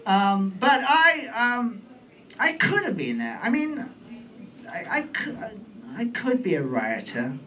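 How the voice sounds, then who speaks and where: A British man in his forties performing a stand-up comedy set on a club stage, camp and playful with deadpan asides. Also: sits high, slow pace. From United Kingdom. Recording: distant mic in comedy club, faint room noise.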